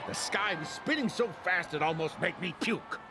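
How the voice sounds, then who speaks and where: A man's voice: high-pitched, normal speed. An actor playing a grumpy old man in a game, grumbling and lecturing like a jaded critic. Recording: game audio over clear music.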